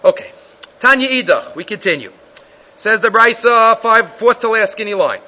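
A man's voice: sits high, lively intonation, moderate pace, sharp tone. A man teaching a Gemara class, reading the Hebrew and Aramaic text in a sing-song chant and explaining it in English, with many restarts. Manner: reads Hebrew and Aramaic text aloud, then translates into English. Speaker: Talmud teacher. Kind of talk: Gemara shiur. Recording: dull lo-fi recording.

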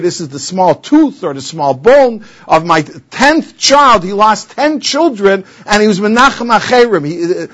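A man's voice: sits high, very animated, a little slow, fairly bright tone. A man giving a Talmud lecture in English, explaining the text and telling its stories with many Hebrew and Aramaic terms. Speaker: Talmud teacher.

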